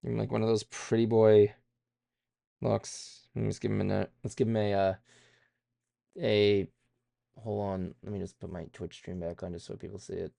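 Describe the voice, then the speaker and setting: A man with a deep, very gravelly voice chats casually as he draws on a stream. He rambles and puts himself down, thinking aloud with lots of fillers. The sound is dry and close. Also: little pitch movement, normal speed, long pauses, dark tone, no room sound. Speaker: streamer drawing live. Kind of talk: casual streaming chat while drawing.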